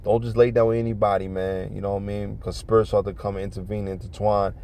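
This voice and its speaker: A vlogger giving life advice tells a neighborhood story in casual, profane street talk, then earnestly urges listeners toward faith, dropping "man" and "you know what I'm saying" into every line. His voice is lowish, creaky and dark, with a flat delivery and a fast pace. There's a little hiss or hum on the recording.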